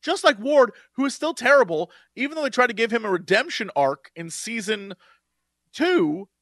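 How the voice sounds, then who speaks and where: A man with a high voice co-hosts a casual podcast chat and complains emphatically. His pitch swings widely, and the sound is dry and close. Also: lively intonation, fairly quick, a bit bright, no room sound. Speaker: podcast co-host.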